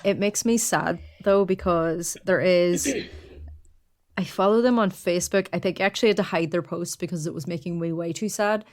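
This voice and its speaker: Podcast co-host, woman, lowish voice, rambling casual delivery. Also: normal speed, darkish tone. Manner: rambling, heavy use of "like". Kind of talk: casual chat.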